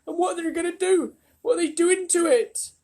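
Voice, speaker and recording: A man reading a storybook aloud, voicing a timid female ladybird with high, panicky cries. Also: a little fast, darkish tone. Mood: anxious. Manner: high squeaky whisper rising to panicked cries. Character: frightened female ladybird insect, timid and breathless. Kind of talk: children's storybook read aloud.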